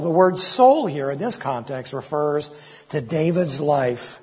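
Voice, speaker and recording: Slightly high and sing-song, this man's husky voice moves a little slowly as he delivers an impassioned expository sermon. He speaks the psalmist's pleas with growing intensity, captured on a lo-fi recording with a long hall reverb.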